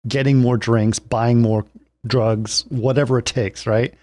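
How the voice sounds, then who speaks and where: A man's voice: medium pitch, steady tone, measured pace, darkish tone, no echo. A man co-hosting a podcast, casually retelling a film's story with frequent restarts and small chuckles. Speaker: podcast co-host. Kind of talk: casual film discussion.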